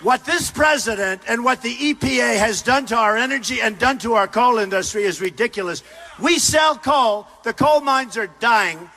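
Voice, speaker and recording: A man in his sixties giving an emphatic, repetitive campaign speech at a rally, often shouting. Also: very high-pitched, normal speed, a faint crowd. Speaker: political candidate at a rally. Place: large university arena.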